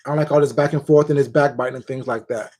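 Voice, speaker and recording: A man's voice: mid-range voice, fairly even intonation, fast talker, dark tone. A man hosting a casual livestream, greeting viewers one by one by name in a familiar, chatty way. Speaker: livestream host.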